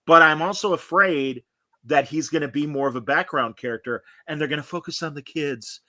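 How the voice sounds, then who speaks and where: A man talking through a casual fan chat in an animated, opinionated way, stumbling into restarts as he goes. His voice has a bright, forceful edge, and the recording is dry and close. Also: on the high side, a little fast, dry recording. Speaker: podcast co-host.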